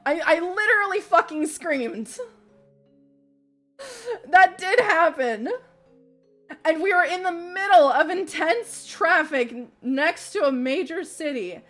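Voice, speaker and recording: High-voiced young woman streamer. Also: normal speed, hardly any pauses, faint music behind. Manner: animated, swears freely, laughs mid-sentence. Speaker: livestreamer. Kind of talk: casual storytelling.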